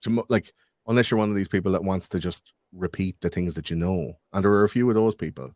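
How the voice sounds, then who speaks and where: A man chatting as a podcast guest, an animated storyteller who swears freely and acts out the voices he quotes. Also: low-pitched, fast talker, no echo, studio quality. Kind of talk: casual podcast chat.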